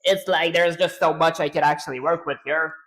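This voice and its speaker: A man's voice: fairly high pitch, fairly even intonation, a little fast, a bit bright. A man hosting a programming livestream, chatting casually, narrating his own steps and answering questions from the chat. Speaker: livestream host.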